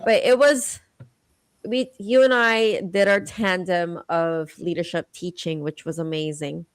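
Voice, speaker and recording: Woman co-host, lowish voice, laughs a lot, dry close mic. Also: fairly even intonation, unhurried, clean tone, no room sound. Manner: laughing, teasing, warm storytelling. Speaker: podcast co-host. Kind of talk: casual interview chat.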